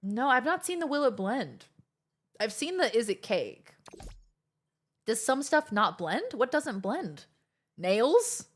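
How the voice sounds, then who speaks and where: Rambling, excitable woman streamer. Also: on the high side, slow pace, long pauses. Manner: rambling, animated, excitable outbursts. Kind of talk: casual gaming stream chat.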